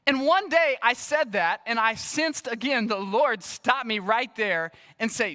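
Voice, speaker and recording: A man, a guest pastor, preaching an earnest, animated sermon and acting out bits of dialogue. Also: sits high, moderate pace, hardly any pauses, clear, resonant tone. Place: church sanctuary.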